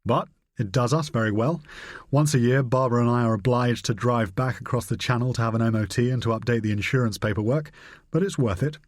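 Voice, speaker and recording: A man's voice: medium pitch, brisk, dry recording, studio quality, natural voice. A man voicing Knight, a smug, adenoidal older English bore who talks too much. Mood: pompous.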